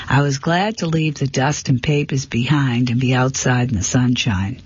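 A man narrating a first-person mystery story in a steady, plain manner, on a dull, lo-fi recording. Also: mid-range voice, normal speed, few pauses, slightly rough, no room sound. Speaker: audiobook narrator. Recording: dull, lo-fi, dry.

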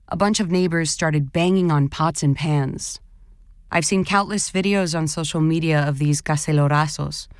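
A woman actor calmly reading a first-person story as scripted narration. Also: low voice.

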